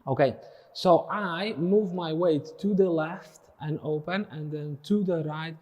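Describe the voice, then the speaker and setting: Male dance teacher, slightly high voice, counting beats and scatting drum patterns. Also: measured pace, darkish tone, dull audio. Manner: counts and sings drum rhythms aloud. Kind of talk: follow-along dance lesson.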